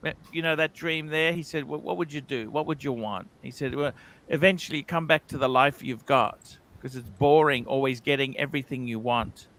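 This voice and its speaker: A man's voice: medium pitch, steady tone, moderate pace, fairly bright tone. A man hosting a casual livestream, reading donor comments aloud and chatting. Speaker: livestream host reading super chats.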